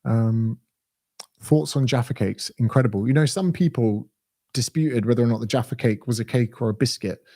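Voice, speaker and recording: Blunt sweary English fitness coach. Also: male voice, medium pitch, normal speed, dark tone. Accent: southern English. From England. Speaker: fitness coach answering viewer questions. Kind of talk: casual Q&A livestream.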